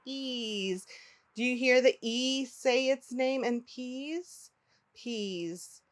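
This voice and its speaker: A woman teaching phonics to young children, pronouncing each word slowly and clearly and inviting the listener to repeat it. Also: sits high, flat delivery. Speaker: early-learning teacher.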